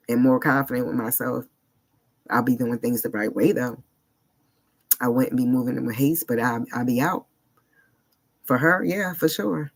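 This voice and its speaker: Earnest man musing in a vlog. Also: medium pitch. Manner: earnest, searching, talks in short halting phrases. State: emotionally unsettled. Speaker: vlogger. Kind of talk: personal reflective vlog monologue.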